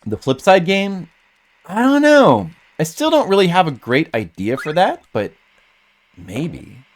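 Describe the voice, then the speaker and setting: A man's voice: high voice, wildly swooping pitch, unhurried. A man streaming a game, rambling casually to his chat and now and then putting on a mock rage. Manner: rambling, chats with viewers, bursts into mock rage.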